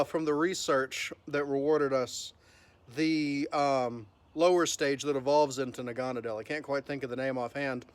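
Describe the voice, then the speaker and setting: A man with a slightly high voice hosts his gaming channel, narrating each move in upbeat live commentary. It's early morning, so his voice keeps cracking, and the recording is dry.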